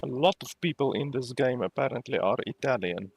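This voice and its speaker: A man's voice: mid-range voice, brisk, gravelly, noisy background. A man giving casual, wry commentary while streaming a game, swearing now and then. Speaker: gamer streaming a playthrough. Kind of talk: casual let's play commentary.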